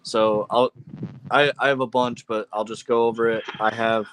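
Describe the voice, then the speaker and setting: A man's voice: mid-range voice, flat delivery, normal speed, a bit bright, a little hiss or hum. A man in his twenties hosting his birthday live stream, chatting casually, swearing freely and laughing often. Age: 20s. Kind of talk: casual chat.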